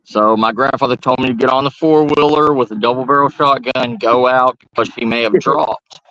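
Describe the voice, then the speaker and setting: A young adult man from Georgia, telling a long story at a firepit in a halting, rambling way with many restarts. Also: mid-range voice, steady tone, a bit bright, muffled recording, a little hiss or hum. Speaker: storyteller host. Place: outdoors by a firepit.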